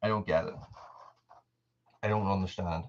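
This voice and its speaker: A man's voice: low-pitched, fairly even intonation, normal speed, highs cut off, slight background noise. Rambling Irish man chatting on a livestream. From Ireland. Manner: rambling, answers viewer comments by name. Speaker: channel host. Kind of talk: casual livestream chat.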